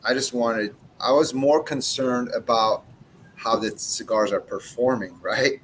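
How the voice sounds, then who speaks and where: A man's voice: mid-range voice, a little slow, fairly bright tone, slight background noise, poor audio. A man in his forties who owns a cigar brand, telling blunt, profane stories in a casual interview chat. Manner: blunt, profane, brash storytelling.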